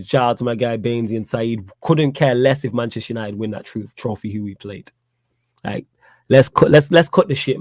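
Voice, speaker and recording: A man hosting a casual football podcast on a live stream, animated and teasing, often rising to loud, high challenges to his chat. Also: no echo. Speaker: podcast host.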